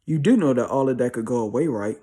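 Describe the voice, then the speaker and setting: A man's voice: mid-range voice, animated, fast, mellow, husky. A young man giving a slangy, emphatic motivational monologue, repeating himself for stress. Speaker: motivational speaker.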